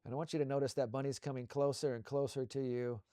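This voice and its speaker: A man co-hosting a show, leading a slow guided visualization with soothing, repetitive coaching cues. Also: mid-range voice, flat delivery, warm tone, no echo, studio quality.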